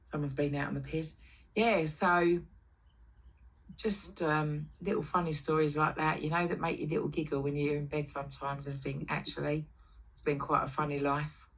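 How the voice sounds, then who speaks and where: A woman's voice: deep voice, fairly even intonation, moderate pace, rough recording. A middle-aged woman hosting a livestream, telling brash, foul-mouthed stories about her past and acting out the voices of people in them. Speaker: livestream host. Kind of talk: casual storytelling on a livestream.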